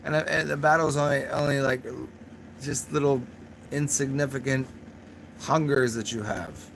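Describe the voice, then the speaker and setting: Over a faint hiss or hum, a young livestream host chats with his viewers in an unhurried, creaky voice of medium pitch and fairly bright tone. His talk is rambling and profane, and he's a bit tipsy, chuckling at his own jokes.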